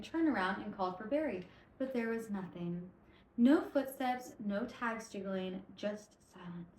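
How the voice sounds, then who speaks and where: A woman's voice: medium pitch, a little hiss or hum. Tipsy woman podcaster rambling in an echoey room. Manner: animated, rambling retelling with swearing and self-corrections. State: tipsy from drinking vodka. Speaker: podcast host. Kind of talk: casual storytelling podcast.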